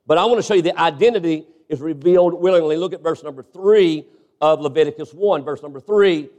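A man's voice: on the high side, brisk, darkish tone. A male pastor preaching a sermon, punctuating points with frequent amens and questions to the congregation.

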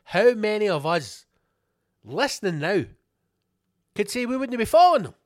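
A man's voice: fairly high pitch, lively intonation, brisk, no room sound, studio quality. A Scottish man hosting a podcast, ranting angrily with heavy swearing and repeated rhetorical questions. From Scotland. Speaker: podcast host. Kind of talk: ranting monologue.

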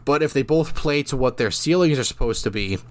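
A man's voice: mid-range voice, expressive, brisk. Casual man rambling about hockey. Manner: casual, rambling, many fillers and restarts. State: has the hiccups. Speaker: hockey podcast host. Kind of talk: solo sports podcast talk.

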